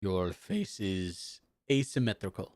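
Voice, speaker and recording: A co-reader voicing a stolid, literal-minded bald man who answers flatly and bluntly. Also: deep voice, takes it slowly, dry recording, heavily acted. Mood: deadpan. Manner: flat, blunt, deadpan.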